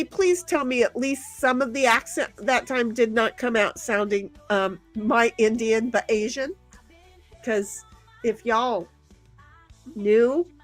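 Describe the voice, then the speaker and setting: A woman hosting a casual game stream, chatting and reading viewers' messages aloud, laughing often. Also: a little high. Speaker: stream host.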